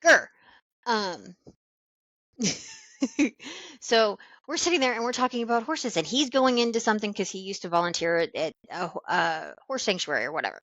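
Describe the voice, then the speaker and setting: A woman's voice: mid-range voice, expressive, moderate pace, long pauses, a bit bright, dry recording, muffled recording. A woman co-hosting a podcast, telling a story in casual, profane chat. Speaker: podcast co-host.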